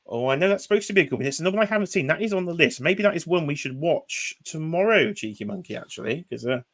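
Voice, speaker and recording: A man's voice: a little high, expressive, fast, a bit bright. A British man hosting a casual livestream over a computer mic, chatty and rambling with fillers. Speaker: livestream host.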